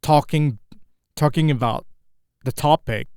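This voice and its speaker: Halting Indonesian man practicing English. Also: fairly high pitch, a little mellow, clear, resonant tone, no room sound, clean studio sound. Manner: halting, self-correcting, searching for words. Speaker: English learner. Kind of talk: solo speaking practice.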